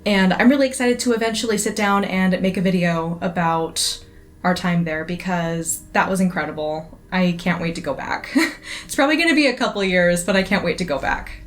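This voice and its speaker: A woman's voice: on the low side, brisk. A woman giving a chatty, enthusiastic casual review, with many fillers. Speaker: absinthe reviewer.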